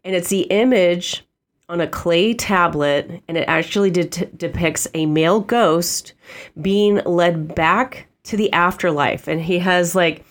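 A woman's voice: on the low side, measured pace. Nasal woman with a head cold. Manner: chatty, frequent "okay?" check-ins, laughs easily. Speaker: podcast host. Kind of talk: off-the-cuff spiritual podcast monologue.

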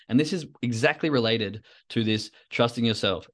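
A man's voice: mid-range voice, moderate pace, fairly bright tone. Man rambling through a reflective podcast monologue. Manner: rambling, reflective, self-coaching. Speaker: podcast host.

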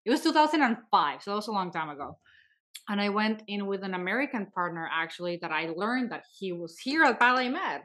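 A woman in her thirties from Venezuela, a guest dancer telling stories in casual chat, acting out quoted lines with big jumps in pitch. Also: brisk. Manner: animated, acts out quotes with sharp jumps in pitch.

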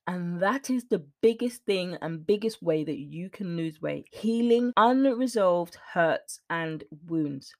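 A woman's voice: lowish voice, gravelly, a little mellow. A woman hosting a podcast as a mindset coach, talking earnestly and emphatically, at times emotional. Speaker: weight loss mindset coach, podcast host. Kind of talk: motivational solo talk.

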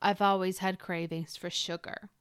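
A woman's voice: on the low side, little pitch movement, moderate pace, clean tone, no room sound. A woman hosting a solo podcast as a keto coach, chatty and encouraging, talking straight to the listener from a close mic. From Ukrainian family.

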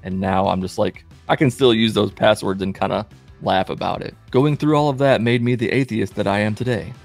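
Guy in his late 20s roasting his younger self, low-ish voice, lots of jumps in tone. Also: fairly quick, vocal fry, faint music behind. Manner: wry, self-deprecating, animated. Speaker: vlogger. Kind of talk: casual self-mocking storytelling.

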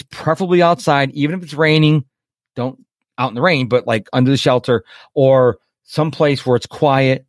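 A man hosting a live webinar as a coach, chatty and lively, acting out quotes and checking in with his listeners. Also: on the high side, dry recording, clean studio sound. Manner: chatty, animated, acts out quotes and checks in with "okay?".

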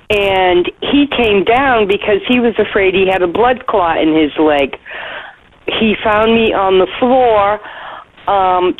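Slow-spoken woman on a tinny phone line. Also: medium pitch, a little hiss or hum. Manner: slow, earnest storytelling with soft pauses. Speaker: listener leaving voicemail feedback. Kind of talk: heartfelt personal story.

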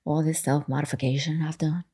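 A woman's voice: deep voice, flat delivery, brisk, mellow, slightly rough. A woman in her forties hosting a self-help podcast, talking candidly in a rambling, casual way and swearing freely. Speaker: podcast host. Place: home room facing a lake.

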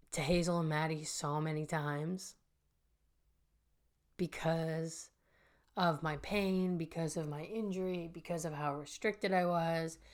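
Slow-talking earnest woman podcaster. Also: low-pitched. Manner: earnest, addresses listeners directly as "you guys". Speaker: podcast host and healing coach. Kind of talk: personal storytelling monologue.

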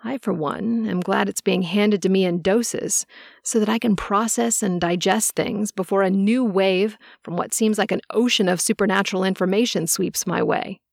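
A motherly, centuries-old seer woman, calm and soothing, as a female narrator plays her. Her voice carries a gravelly texture in a dry, close recording. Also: mid-range voice, normal speed, no echo.

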